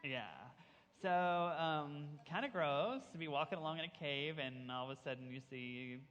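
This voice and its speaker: A man, a camp pastor, telling a Bible story to children and leading them in call-and-response shouts. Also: a little high, normal speed, muffled recording, soft background music. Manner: animated, leads kids in call-and-response shouts. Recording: long hall reverb.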